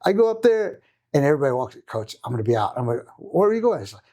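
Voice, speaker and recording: A middle-aged man, a martial arts coach and podcast guest, telling a story in an animated way and acting out what others said. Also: medium pitch, rapid-fire. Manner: animated, acts out quoted voices, repeats himself. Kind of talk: casual storytelling.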